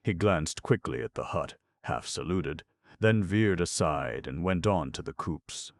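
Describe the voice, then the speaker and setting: A man reading a novel aloud as an audiobook narrator, in a measured, expressive manner. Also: sits low, no echo, clean studio sound. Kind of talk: scripted narration.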